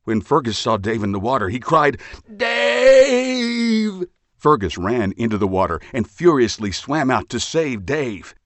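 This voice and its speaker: Male storybook reader, low voice, very animated delivery, dry close sound. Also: brisk, few pauses, no echo. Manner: expressive, lively storytelling. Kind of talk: children's storybook reading over phone line.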